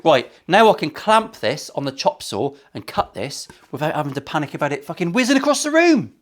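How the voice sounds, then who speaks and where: A man with a slightly higher voice than most talks casually to camera from his guitar workshop. He chats in cheeky banter, swearing freely and tossing off jokey asides. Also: big pitch swings, brisk. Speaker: luthier.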